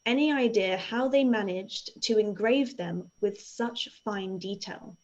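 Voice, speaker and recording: A woman's voice: medium pitch, unhurried, darkish tone. Fields: Sex: woman. Role: host. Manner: reassuring, reads viewer questions. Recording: dull, lo-fi call audio. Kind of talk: casual interview over a live stream.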